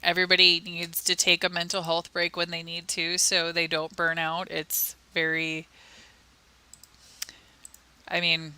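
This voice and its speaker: A woman's voice: on the low side, completely flat delivery, a little slow, pauses often, sharp tone, clear, resonant tone. A woman co-hosting a casual advocacy livestream, talking earnestly and emotionally with many fillers and restarts.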